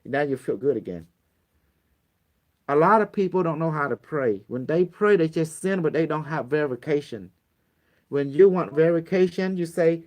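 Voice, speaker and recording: Guy with a slightly high voice teaching a group how to pray, blunt, swears a lot, repeats himself. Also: animated, moderate pace, a little mellow. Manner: acts out prayers in a pleading voice. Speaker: spiritual teacher. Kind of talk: casual spoken teaching to a small group.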